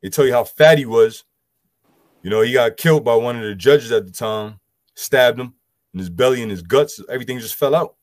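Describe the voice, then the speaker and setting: A man's voice: mid-range voice, brisk, no echo. A man, loosely explaining scripture and health to a group with lots of "you know" fillers. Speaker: group discussion speaker. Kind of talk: casual scripture teaching.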